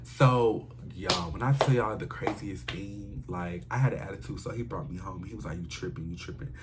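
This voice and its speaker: A man telling a personal story in a casual storytime vlog, animated and dramatic, with slangy asides to his viewers. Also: lowish voice, moderate pace, over loud music.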